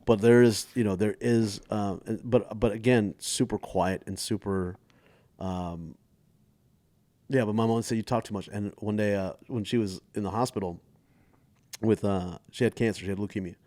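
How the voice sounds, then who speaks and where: Low-voiced animated storyteller, a man. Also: moderate pace, dry recording. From Dallas area, Texas. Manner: animated storyteller who slips into voices and laughs often. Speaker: comedian guest. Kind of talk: casual storytelling chat.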